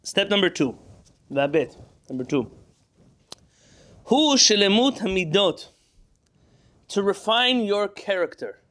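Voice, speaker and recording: High-voiced male teacher giving a Torah lecture, reading Hebrew and explaining it in English. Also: very animated, slow pace, long pauses, a bit bright. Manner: reads Hebrew text then explains in English, asks rhetorical questions.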